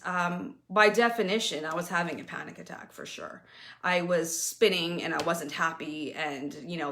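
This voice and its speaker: A woman's voice: medium pitch, a bit bright. A middle-aged woman from Canada, hosting her own talk and candidly telling a personal story in a casual, storytelling way. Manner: candid, storytelling, acts out quoted voices. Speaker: host.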